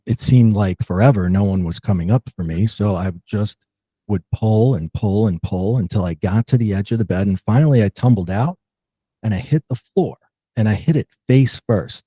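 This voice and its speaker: Man guest, low mellow voice, earnest storyteller, dry close sound. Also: husky, dry recording. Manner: earnest, reflective, with frequent ums and restarts. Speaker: podcast guest. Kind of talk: personal storytelling in an interview.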